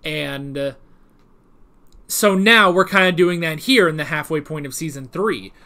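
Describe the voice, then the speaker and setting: A man's voice: a little high, measured pace, pushed and bright. A man giving a casual, rambling episode commentary with a self-deprecating manner. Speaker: TV show recap vlogger.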